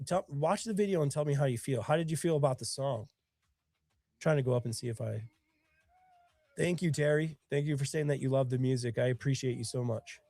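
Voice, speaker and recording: A man's voice: medium pitch, mellow, no echo. A man with bronchitis, sniffling as he hosts his own live stream in casual chat. He tells stories earnestly and emotionally, with a lot of rambling.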